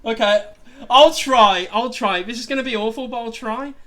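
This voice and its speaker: His voice is very high-pitched and a bit bright, moving at a moderate pace. He's the host of a laid-back gaming livestream, rambling along and poking fun at himself.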